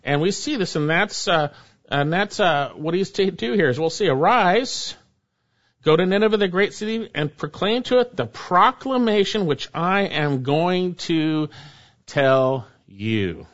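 Emphatic high-voiced male preacher. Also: animated, a little slow, fairly bright tone, muffled recording. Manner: emphatic, repeats key phrases. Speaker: pastor. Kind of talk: expository sermon.

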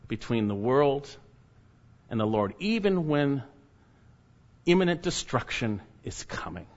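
A man preaching a sermon, emphatic, swinging between loud urging and low hushed warnings. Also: lively intonation, unhurried, long pauses, dull audio. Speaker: pastor.

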